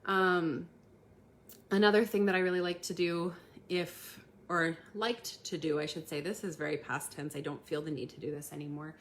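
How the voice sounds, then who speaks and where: Chatty, laughing woman with a low voice. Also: fairly even intonation, moderate pace. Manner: chatty, laughs often, many ums and restarts. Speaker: community host giving tips. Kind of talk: casual live-stream talk to viewers.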